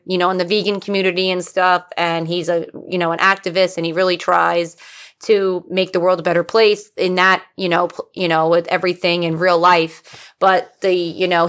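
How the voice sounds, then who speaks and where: A woman co-hosting a casual chat, excitable and swearing freely. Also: on the low side. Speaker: podcast co-host.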